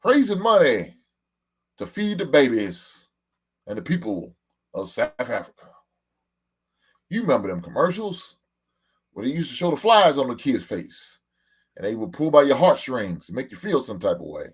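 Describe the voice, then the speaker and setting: A man's voice: medium pitch, very animated, normal speed, pauses often, husky. A man in his forties hosting a casual live stream, talking loosely and profanely, laughing and reading out comments from his chat. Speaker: podcast host.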